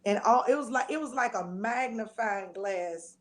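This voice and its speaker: A middle-aged woman, telling a personal testimony as an interview guest, expressive and acting out the voices she quotes. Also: fairly high pitch, normal speed. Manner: expressive storytelling, acts out quoted voices, churchy endearments.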